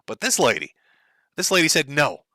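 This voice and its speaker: A man's voice: fairly high pitch, big pitch swings, fairly quick, bright, forceful tone, no room sound. A man giving sarcastic, mocking commentary on a clip he is watching. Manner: sarcastic, mocking, breaks into laughter.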